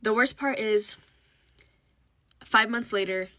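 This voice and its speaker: Animated young woman telling a storytime. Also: slow, dry recording. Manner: animated, acts out quotes with sudden pitch jumps, drops to whispers. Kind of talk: casual storytime monologue.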